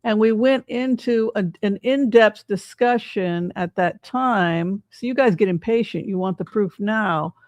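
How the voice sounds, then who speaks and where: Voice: mid-range voice, measured pace, hardly any pauses, dry recording. A psychic tarot reader giving casual livestream commentary in a chatty way, often asking the audience rhetorical questions.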